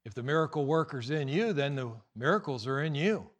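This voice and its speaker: Animated, teasing male preacher. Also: a little high, brisk. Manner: animated, teasing, acts out voices. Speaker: pastor. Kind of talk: sermon.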